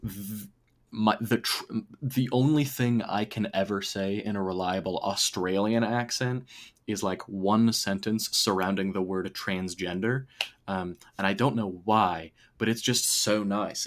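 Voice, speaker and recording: A man's voice: on the low side, steady tone, unhurried. A man chatting casually on a game stream, rambling between puzzles and laughing often. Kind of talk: casual gaming stream chat.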